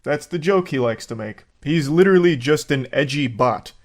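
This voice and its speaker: A man's voice: on the high side, expressive, moderate pace. A man narrating a commentary video in a scripted, sardonic and mocking way. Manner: sardonic, mocking, wordy insults.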